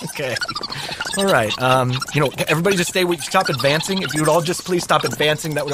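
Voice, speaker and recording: A man's voice: on the high side, fast talker, very noisy. A man hosting a storytelling podcast, reading scripted lines with a joking, mock-panicked delivery. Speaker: podcast host. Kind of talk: scripted comedic narration. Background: music bed.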